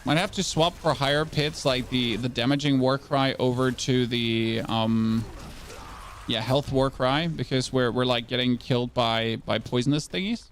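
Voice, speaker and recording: A man's voice: mid-range voice, moderate pace, slight background noise. A man from Germany with a German accent, chatting sarcastically to his stream chat while playing a game. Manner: sarcastic, rambling, talking to chat. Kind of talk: casual live-stream chat while gaming.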